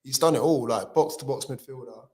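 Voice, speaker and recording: A man's voice: medium pitch, brisk. A man rating players as a fan pundit in a casual post-match chat, enthusiastic and joking.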